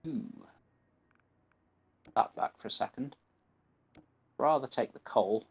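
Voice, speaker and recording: A gaming streamer from northern England, speaking with a Northern English accent, gives live gameplay commentary in an unhurried, steady way, muttering to himself as he reads game menus aloud. His middle-pitched voice has a gravelly, breathy edge, and the recording sounds a little dull and muffled.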